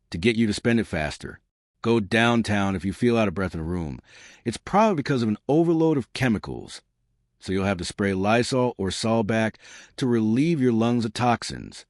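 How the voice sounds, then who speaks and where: A man's voice: lowish voice, a little mellow, no room sound, studio quality. Guy rattling off random tips, jumps topic to topic, voice swings up and down a lot. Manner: disjointed, jumps between topics. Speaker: channel host. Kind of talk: rambling monologue of tips and lists.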